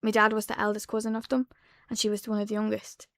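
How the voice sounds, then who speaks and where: A woman in her twenties with an Irish accent, a podcast guest telling a personal story in a soft, halting way that drops to a hush. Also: mid-range voice, monotone, no echo, studio quality. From Ireland. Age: 20s. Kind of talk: emotional personal account. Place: podcast studio.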